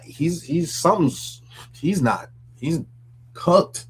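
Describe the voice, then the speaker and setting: A man's voice: fairly high pitch, very animated, takes it slowly, slightly rough. A man hosting a casual commentary show, reacting with mocking disbelief and frequent laughs. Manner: incredulous, mocking, laughs often. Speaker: commentary host.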